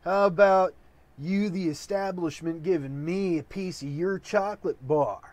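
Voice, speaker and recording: A young hippie son drawls his words in a raised, loose voice, as a man plays him. He talks in relaxed slang. The sound is close and dry. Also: high voice, unhurried, no echo. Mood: drawling. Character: young hippie son, laid-back then outraged.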